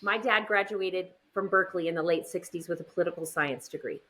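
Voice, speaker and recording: A middle-aged woman speaks as a guest in a relaxed conversation. Her voice is bright and forward. She tells animated stories and slips into little voices when she quotes people. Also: on the low side, a little fast. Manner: lively storyteller, does voices in quotes. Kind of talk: casual chat.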